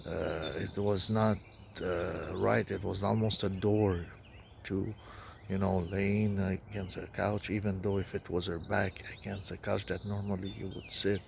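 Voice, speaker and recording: A man with a voice recounting a dream in a rambling, halting way, full of restarts and fillers. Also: deep voice, level tone, gravelly, a little hiss or hum. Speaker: dream narrator. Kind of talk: rambling personal account.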